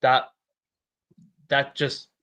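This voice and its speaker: A man's voice: very slow, sharp tone. A man in casual chat, talking emphatically and swearing as he praises a welcome.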